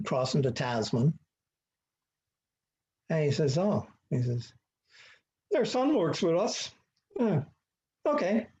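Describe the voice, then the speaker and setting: Older guy rambling through a story, lots of ums, low mellow tone. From Ottawa, Canada. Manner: rambling storyteller who acts out dialogue, many fillers. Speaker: guest speaker. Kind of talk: anecdotal presentation on an online meetup. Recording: dull lo-fi online call audio.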